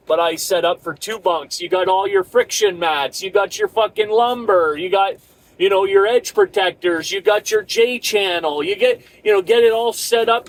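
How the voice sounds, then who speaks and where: A middle-aged male trucker with a fairly high voice rants about a rough day on the road. He swears constantly and rambles through restarts and asides as he vents about his load. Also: poor audio. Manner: profane, rambling, frustrated storytelling. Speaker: truck driver. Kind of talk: casual ranting vlog.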